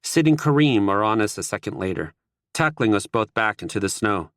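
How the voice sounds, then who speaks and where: A man narrating a first-person audiobook in a steady, wry manner. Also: lowish voice, fairly quick, no echo, clean studio sound.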